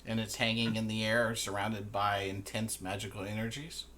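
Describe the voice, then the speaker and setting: A man narrating a tabletop game as game master in a slow, measured way. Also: lowish voice, flat delivery, pushed and bright, slight background noise.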